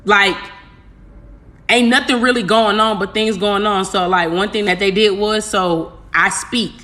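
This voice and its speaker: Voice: medium pitch, fairly even intonation, a little slow, sharp tone. A spiritual coach in a casual, candid talk to viewers, rambling, repeating phrases and using slang.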